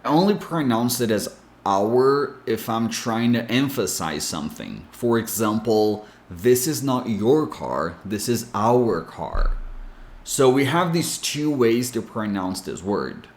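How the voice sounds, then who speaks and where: A man teaching English pronunciation, giving clear, deliberate explanations and spelling out sounds. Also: medium pitch, sing-song. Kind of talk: scripted lesson explanation. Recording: echoey room.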